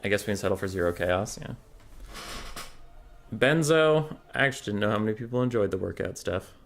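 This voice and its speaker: A young man who casts tournaments and streams talks through a game live, chatting casually and answering viewers' questions out loud. His voice is on the low side, fairly quick, with vocal fry.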